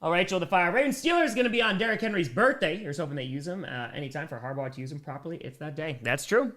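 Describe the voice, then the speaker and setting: Bright-voiced man calling plays on a live stream. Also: on the high side, animated, fast talker. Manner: chatty, reads out viewer donations and answers them between plays; plays called in a plain announcer tone. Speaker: streamer giving live play-by-play and reacting to chat. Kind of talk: casual live-stream commentary.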